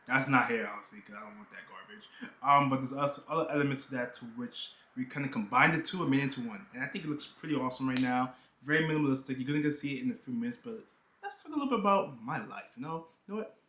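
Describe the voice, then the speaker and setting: Chatty young guy from new york, bright tense voice, talking in a half-unpacked echoey room. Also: medium pitch. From New York, United States. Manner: chatty and joking, full of "you know" asides. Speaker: YouTuber. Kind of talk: casual vlog chat.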